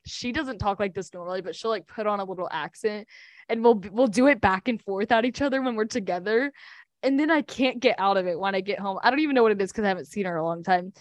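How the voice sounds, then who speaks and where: A woman's voice: mid-range voice, no room sound. A young woman co-hosting a podcast in casual chat, rambling with lots of fillers. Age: young adult. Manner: chatty, fillers, laughs often. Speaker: podcast co-host.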